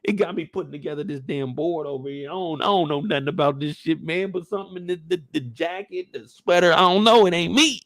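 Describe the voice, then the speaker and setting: A man hosting a casual, joking recap of a TV episode, animated and profane. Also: a little high, fast, few pauses, dry recording, clean studio sound. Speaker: YouTube show recap host. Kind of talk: casual comedic commentary.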